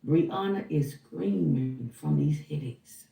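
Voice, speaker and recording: Gravelly woman telling a story in a roomy space. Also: low-pitched, takes it slowly, dull audio. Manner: animated, acts out dialogue while recounting. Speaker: housekeeper. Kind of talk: casual storytelling to viewers. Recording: roomy, distant from the mic.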